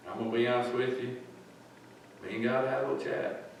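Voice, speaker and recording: Pastor preaching in an echoey church. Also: male voice, mid-range voice, level tone, fairly quick, vocal fry, recorded from a distance, slight background noise. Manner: plain-spoken, folksy storytelling. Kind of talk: sermon. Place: church sanctuary.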